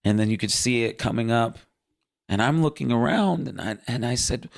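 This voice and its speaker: Brief: low creaky male voice, earnest storyteller, dry close sound. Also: expressive, normal speed, no echo. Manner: earnest, vivid storytelling with fillers. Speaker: guest recounting a vision. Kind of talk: casual spoken testimony.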